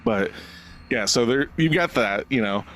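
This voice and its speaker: A man's voice: mid-range voice, expressive, measured pace, a bit bright. A man co-hosting a podcast about a movie, talking casually, swearing and laughing often as he acts out quoted lines. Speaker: podcast co-host.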